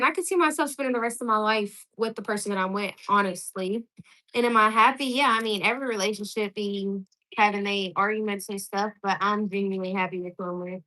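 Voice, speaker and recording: A woman's voice: fairly high pitch, bright, forceful tone, low-quality recording. A woman in her twenties chatting casually on a livestream, answering viewer comments in a blunt, outspoken way and swearing freely.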